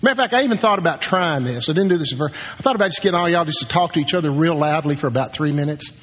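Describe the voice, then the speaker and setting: An older man preaching a sermon as pastor, moving from hushed, slow words to shouted commands for quiet. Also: a little high, animated, breathy edge, highs cut off. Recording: long hall reverb.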